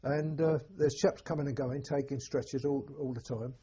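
An older English man, a war veteran, telling an oral history in a halting, plain-spoken way with a husky voice. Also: medium pitch, fairly even intonation, mellow, dull audio. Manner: halting, plain-spoken storytelling with many restarts. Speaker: war veteran recounting memories.

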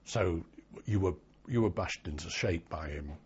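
An older man recalling his past in an oral history interview, telling it in a slow, wry storytelling way. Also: low-pitched, breathy edge, muffled recording.

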